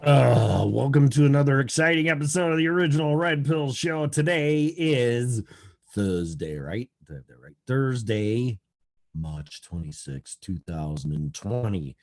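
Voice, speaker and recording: A man's voice: medium pitch, expressive, a little slow, darkish tone. A man hosting a casual live talk stream from home, rambling, sarcastic and full of swearing. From Colorado. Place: at home, audio only.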